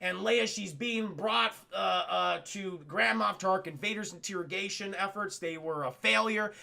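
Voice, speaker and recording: A man's voice: sits high, moderate pace, gravelly, bright, forceful tone. A male streamer who retells a film to his chat in a comic, rambling, profane way.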